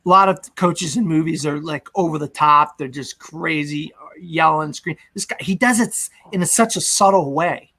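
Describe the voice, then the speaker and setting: Young male co-host, a bit high, rambling plot recap, casual. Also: moderate pace, few pauses, pushed and bright. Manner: rambling recap with fillers, acts out quotes. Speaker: podcast co-host. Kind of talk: casual movie discussion.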